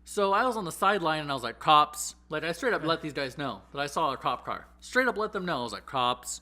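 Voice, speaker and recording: Bright-voiced young man telling stories. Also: on the high side, fast. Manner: animated, profane, exaggerating storyteller. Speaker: podcast host. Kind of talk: casual storytelling chat.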